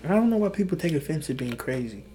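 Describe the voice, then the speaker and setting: A tired young man hosting a solo podcast, talking in a hushed, half-whispered way, rambling and swearing with little laughs. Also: fairly high pitch, sing-song, fast talker, a little hiss or hum. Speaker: podcast host. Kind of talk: solo late-night podcast monologue.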